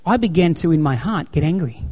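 Mellow-voiced male preacher, emphatic storyteller. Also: on the high side, lively intonation, a little fast. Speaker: pastor. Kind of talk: sermon.

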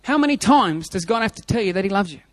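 High-voiced man preaching emphatically. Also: expressive, fast talker, dry recording. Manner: emphatic preaching with repeated phrases and a told joke. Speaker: pastor. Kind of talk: Easter sermon.

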